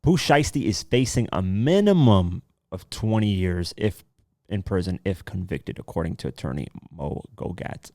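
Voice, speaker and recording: A man's voice: low-pitched, animated, moderate pace, darkish tone, dry recording, studio quality. A man hosting a podcast, reading news items aloud and then riffing on them in a loose, casual commentary style with offhand asides and swearing. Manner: reads headlines then riffs with loose asides. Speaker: podcast host.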